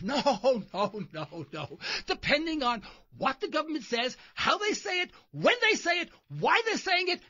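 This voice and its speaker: A man's voice: very high voice, bright, forceful tone, slightly rough, muffled recording. A man hosting a talk radio show, delivering a sarcastic, mocking monologue from his car while driving. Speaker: radio host.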